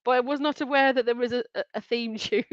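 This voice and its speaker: A woman's voice: on the high side, fairly even intonation, a little fast, smooth, no echo, muffled recording. A woman hosting a live online quiz, reading out answer options and names in a chatty way and giggling often. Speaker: quiz host.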